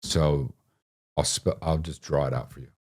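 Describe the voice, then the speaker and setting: A man's voice: very deep voice, fairly even intonation, moderate pace. A man hosting a live stream, telling a rambling, profane childhood story to his chat, laughing often and mocking himself.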